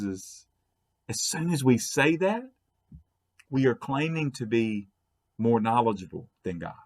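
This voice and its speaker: Earnest husky-voiced pastor. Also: male voice, medium pitch. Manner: earnest, repeats words and restarts, quotes with rising emphasis. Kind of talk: short devotional talk to the camera.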